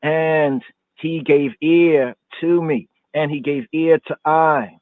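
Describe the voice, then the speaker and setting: A male podcast host slowly reciting and expounding a daily psalm, repeating words in a chanting manner. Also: on the high side, fairly even intonation, dry recording. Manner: slow, repetitive chanting recitation. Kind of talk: psalm reading and teaching. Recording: tinny phone-line audio.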